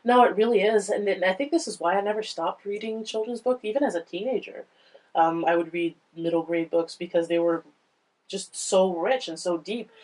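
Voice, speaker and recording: A woman panellist on a podcast, talking through a children's book in a thoughtful, halting way. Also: mid-range voice, darkish tone, rough recording. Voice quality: halting, restarts often, thoughtful. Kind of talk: casual book discussion.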